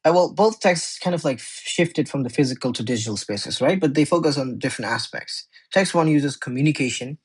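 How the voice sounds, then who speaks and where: A man's voice: mid-range voice, animated, brisk, hardly any pauses, slightly rough, poor audio. A man tutoring English in a casual exam walkthrough, chatty and often correcting himself as he thinks aloud.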